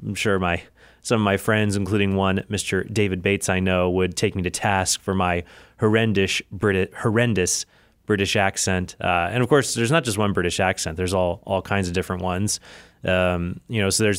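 A man's voice: low voice, fairly even intonation, moderate pace, smooth, no room sound. A man hosting his own podcast from an office, talking casually and chattily, with frequent asides. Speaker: podcast host. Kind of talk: casual solo podcast talk.

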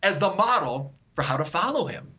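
Earnest, bright-voiced man on talk radio. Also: high voice, moderate pace, muffled recording. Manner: earnest, animated, repeats words while thinking. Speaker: guest author. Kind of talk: radio call-in interview.

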